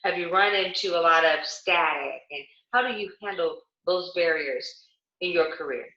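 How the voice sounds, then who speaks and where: Woman host, bright voice, echoey room. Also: lowish voice, dull audio. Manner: measured, thorough questioning. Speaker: talk show host. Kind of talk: interview questions.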